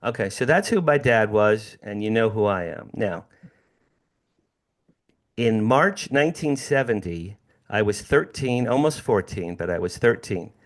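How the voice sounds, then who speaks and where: Man, 60s, from New Jersey; guest speaker, lively storyteller who repeats key phrases and addresses the room. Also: lowish voice, a little slow. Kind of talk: personal storytelling talk.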